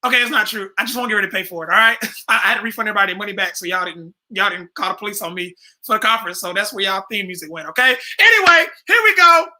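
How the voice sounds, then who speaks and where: Hyped high-voiced male stream host. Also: very fast, hardly any pauses, low-quality recording. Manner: playful, hyped, shouts introductions. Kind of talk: live stream hosting.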